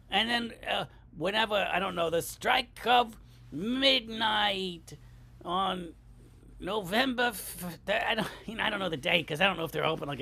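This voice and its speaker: A man's voice: sits high, creaky, sharp tone. A man riffing on a comedy podcast, wondering aloud in a wandering, unsure way.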